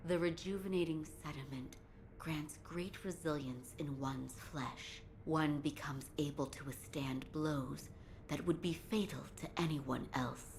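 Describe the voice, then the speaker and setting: A woman's voice: low voice, measured pace, a little mellow, slight background noise, poor audio. An actress playing a composed, courteous female castle doctor who speaks formally and politely. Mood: earnest.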